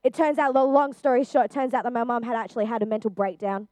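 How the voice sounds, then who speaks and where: A woman's voice: fairly high pitch, fast talker, darkish tone, no room sound. Earnest young woman, dry close sound. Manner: earnest, chatty, with frequent fillers. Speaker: youth speaker. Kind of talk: personal testimony talk.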